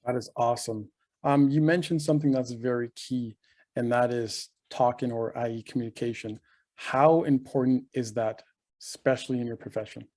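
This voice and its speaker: A man hosts a casual podcast interview, with a flat, even delivery and a mellow, darker tone. He asks measured follow-up questions and sometimes hunts for words with small fillers. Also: medium pitch. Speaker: podcast host.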